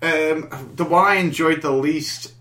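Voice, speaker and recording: A man on a podcast, chatting casually and spinning lively anecdotes, slipping into voices for the people in them. His voice sits a little high for a man, and it rings in a roomy, echoey space. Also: unhurried. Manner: animated storyteller, acts out quotes. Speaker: podcast co-host. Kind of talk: casual chat. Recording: roomy echo.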